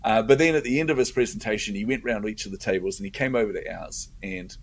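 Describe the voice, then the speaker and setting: Gravelly, low-voiced middle-aged man telling stories. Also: quick pace. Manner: animated, acts out his own inner voice. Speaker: guest. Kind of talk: storytelling in a conversation.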